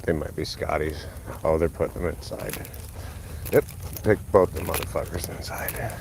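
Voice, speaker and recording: A man with a low voice talks loosely and swears freely as he walks his big dog down a street. He records on a handheld phone, with faint outdoor noise behind him. His muttered asides stay low, and he jumps high into bright praise whenever the dog behaves. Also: moderate pace, gravelly. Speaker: dog owner streaming a live walk. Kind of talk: casual live-stream commentary while walking a dog. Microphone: phone held while walking.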